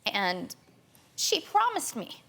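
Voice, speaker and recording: A woman's voice: fairly high pitch, huge pitch swings, slow, creaky, a bit bright. A young woman guest on a talk show giving an urgent personal account, stumbling and restarting often. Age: young adult. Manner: urgent, tearful retelling with many restarts.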